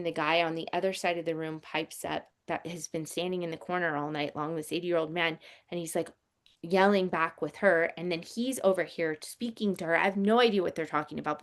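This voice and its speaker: A woman in her forties telling a personal story in a casual, animated way, with lots of fillers. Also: fairly low pitch, vocal fry. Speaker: podcast guest.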